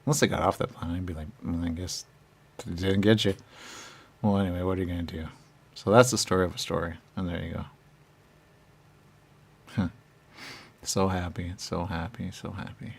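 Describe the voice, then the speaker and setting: A man telling a rambling improvised comic monologue, laughing often and swinging from shouting to muttering. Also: low-pitched, fairly even intonation, quick pace, slightly rough.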